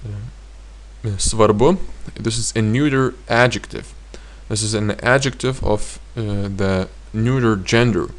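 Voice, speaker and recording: A man with a Lithuanian accent teaching grammar in a slow, halting way with frequent fillers. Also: lowish voice. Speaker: language teacher.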